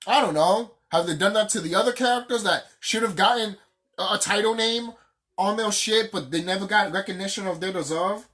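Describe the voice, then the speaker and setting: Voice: medium pitch, fairly quick, fairly bright tone. A vlogger ranting off the cuff, heated and profane, repeating phrases for emphasis. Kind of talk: casual unscripted rant.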